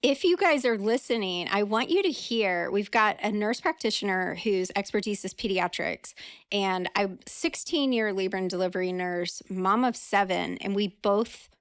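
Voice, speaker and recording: A woman hosts a podcast, chatting easily and turning to address her listeners directly. Her voice is mid-pitched for a woman. The sound is dry and close, with no room around it. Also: moderate pace, clean tone, no echo. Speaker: podcast host and labor nurse. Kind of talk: podcast interview.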